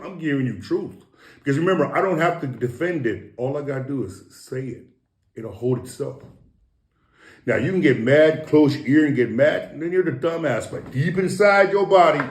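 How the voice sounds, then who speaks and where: In a room with noticeable echo, a Samoan-heritage man speaks as a guest, his somewhat high voice carrying a darkish tone. His monologue is loose and rambling, full of swearing and preaching, with words repeated and sentences restarted.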